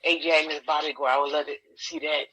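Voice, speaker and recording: Male guest, somewhat high voice, blunt short remarks. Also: little pitch movement, quick pace, pushed and bright, slightly rough, lo-fi sound. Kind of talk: casual chat.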